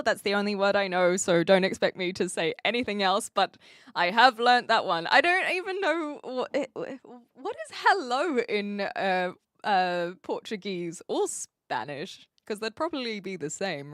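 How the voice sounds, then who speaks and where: A woman's voice: mid-range voice, a bit bright, no echo, studio quality. A woman with a New Zealand accent chatting casually with her live audience as a streamer, reading out and answering their messages. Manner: chatty, reads viewers' messages aloud and answers them.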